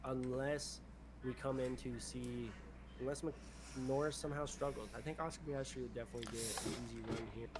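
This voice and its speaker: A male streamer talks casually while gaming, rambling and repeating himself. His voice sits at an ordinary middle pitch. There is clear background noise on his home mic. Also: fairly even intonation, brisk.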